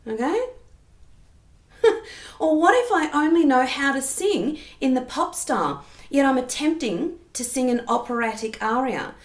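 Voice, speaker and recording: A woman singing teacher explaining vocal technique patiently and clearly, often checking in with the listener. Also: high voice, expressive, moderate pace. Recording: roomy echo.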